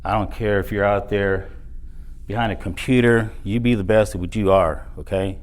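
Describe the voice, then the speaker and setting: Middle-aged man, deep low voice, motivational speaker telling his own story with punchy emphasis. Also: steady tone, normal speed. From South Texas. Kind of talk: motivational speech. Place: event hall.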